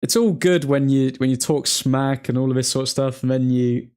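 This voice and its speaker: A man's voice: medium pitch, moderate pace, darkish tone, clear, resonant tone. A young man hosts a live football watchalong, chatting casually and replying to viewers' messages. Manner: chatty, reacting to the game and replying to chat. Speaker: livestream host.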